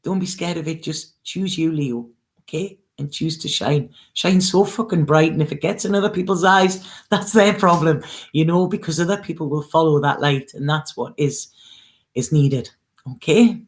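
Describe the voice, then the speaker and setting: A woman's voice: sits low, normal speed. Woman, tarot reader, earnest, coaxing, emotional, near tears, spiritual monologue. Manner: earnest, coaxing, with frequent "okay?" and "you know". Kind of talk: spiritual reading, casual monologue.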